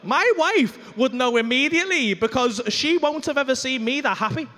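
A man telling a stand-up comedy story on a club stage, animated and full of swearing, acting out the dialogue. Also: extremely high pitch, moderate pace, a little hiss or hum.

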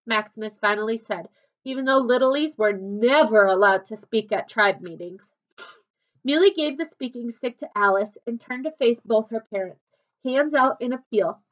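A woman reading a children's novel aloud with expressive, unhurried narration. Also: a little high. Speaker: storybook reader. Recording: dull lo-fi recording.

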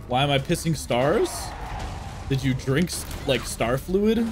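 A young man giving live gameplay commentary as a streamer, swearing often and shouting at enemies. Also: medium pitch, a little slow. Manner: animated, swears a lot, laughs and shouts at enemies. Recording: game music in the background.

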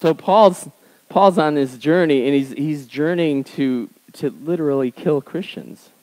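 A man's voice: a little slow, slight background noise, poor audio. Man preaching in a conversational style. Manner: conversational storytelling, swinging between emphatic highs and quiet asides. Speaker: pastor. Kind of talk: sermon.

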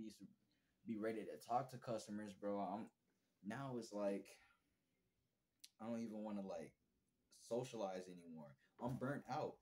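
A man's voice: on the low side, a little mellow. Rambling young man, slangy vlog. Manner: rambling, slangy, repeats bro and bruh; self-reflective, candid. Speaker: vlogger. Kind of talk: casual storytelling vlog.

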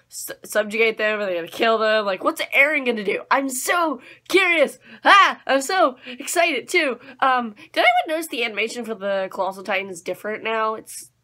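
A young woman with a bright, sharp voice pitched a little high chats through an anime episode review. She is bubbly and excitable, piling on "like" and "um" as she goes. She talks casually, as if to friends.

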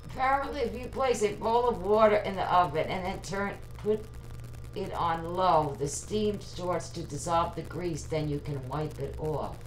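A woman vlogger livestreams casually from her home kitchen, hesitantly answering viewer comments with lots of ums. Her voice is on the low side at normal speed, and the kitchen sounds echoey, with a distant mic and faint hum.

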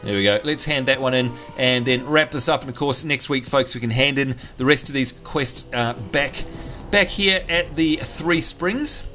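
A man's voice: mid-range voice, normal speed, bright, forceful tone, faint music behind. A man hosting a let's play, chatting casually and joking as he plays. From Australia. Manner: chatty, jokey, thinks aloud. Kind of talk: casual gameplay commentary.

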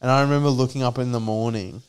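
A young man with a clean, resonant voice that sits at an ordinary pitch. He co-hosts a casual podcast, telling a rambling story full of swearing and acted-out quotes. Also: steady tone, quick pace, clear, resonant tone. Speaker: podcast co-host. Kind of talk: casual chat.

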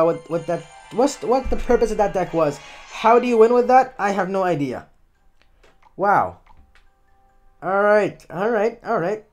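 A man's voice: high voice, darkish tone. A man giving casual live commentary on his own gameplay, chatty and often correcting himself as he talks through each move.

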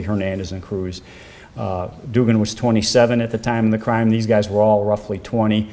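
Telling a case story for a documentary, an older former defense lawyer speaks in a slightly mellow voice. His pitch climbs when he quotes others.

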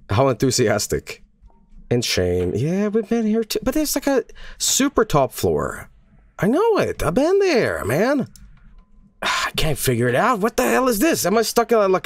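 A man's voice: on the high side, dry recording. A man streaming a video game, grumbling, swearing and chuckling at himself while he searches. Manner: frustrated, swearing, laughs at himself. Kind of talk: gaming stream commentary.

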